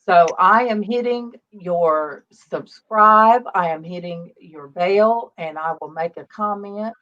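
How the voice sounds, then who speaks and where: A woman's voice: lowish voice, takes it slowly, a bit bright. A woman in her fifties hosting a casual faith livestream, chatty and greeting viewers by name. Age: 50s. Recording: dull lo-fi stream audio.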